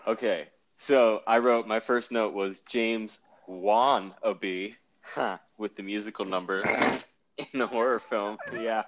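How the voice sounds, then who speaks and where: A man's voice: on the low side, fairly even intonation, slow, dull audio, very noisy. A married man co-hosting a movie podcast, arguing his points and acting out quotes in mock voices. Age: adult, married. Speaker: podcast co-host. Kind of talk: casual movie-review chat.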